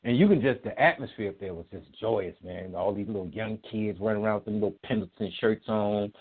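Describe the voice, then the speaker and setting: A man with a low voice tells old music-business stories as a guest. He talks in a casual, profane, animated way and acts out what people said. He comes through a thin, tinny phone line. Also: brisk, slightly rough. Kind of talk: casual storytelling interview.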